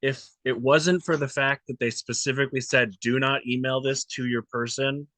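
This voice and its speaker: A man's voice: medium pitch, steady tone, normal speed, bright, forceful tone, no room sound. A young man interviewing his former coach for a class, friendly and informal, reading questions off a list. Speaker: student interviewer. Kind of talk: casual interview.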